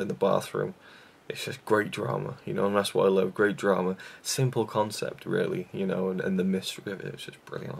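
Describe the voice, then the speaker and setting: A man's voice: low-pitched, vocal fry, slightly rough. A young man chatting casually in a vlog about favorite films, rambling with lots of fillers and restarts. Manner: rambling, self-deprecating, frequent fillers and restarts. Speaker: YouTube reviewer.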